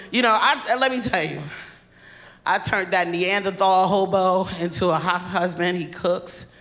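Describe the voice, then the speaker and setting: A woman comedian doing a stand-up set on stage into a handheld mic, animated and laughing through her punchlines. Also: medium pitch, normal speed.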